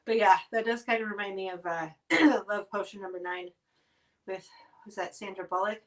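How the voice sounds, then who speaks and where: A woman hosting a casual livestream at home, chatting while coughing and clearing her throat from spicy food. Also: medium pitch, fairly even intonation, normal speed, recorded from a distance. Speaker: livestream host reviewing spicy snacks.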